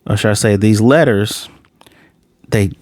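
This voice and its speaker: A man giving a casual, animated episode review, ranting and acting out the characters' lines as he goes. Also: lowish voice, measured pace, dry recording, clean studio sound. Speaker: anime reviewer.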